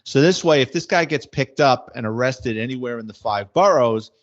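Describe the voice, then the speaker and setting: A middle-aged former police detective, casually telling wisecracking anecdotes in a blunt way. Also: male voice, medium pitch, animated, normal speed. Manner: blunt, wisecracking, acts out quoted dialogue. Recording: slightly muffled audio.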